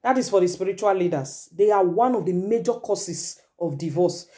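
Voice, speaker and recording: A woman with a Nigerian accent giving a forceful, lecturing advice monologue as a vlogger, slipping into Pidgin. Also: mid-range voice, animated, moderate pace.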